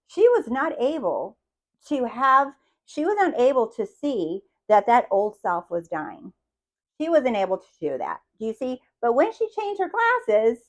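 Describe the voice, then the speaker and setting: Woman coach, kinda high voice, animated motivational talk, keeps going "do you see?". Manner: acts out quotes with big swings in pitch and loudness. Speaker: manifestation coach.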